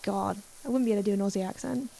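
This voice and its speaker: A woman's voice: mid-range voice, rapid-fire, vocal fry, warm tone, slight background noise. A woman streaming a game, chatting casually, giggling and reading chat aloud, her voice a little worn. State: voice a bit worn.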